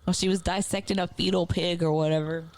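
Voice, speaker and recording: A woman's voice: fairly low pitch, fairly even intonation, quick pace, a little mellow. Tipsy, giggly woman podcaster. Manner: laughs often, swears freely, rambling. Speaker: podcast co-host. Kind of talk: casual chat.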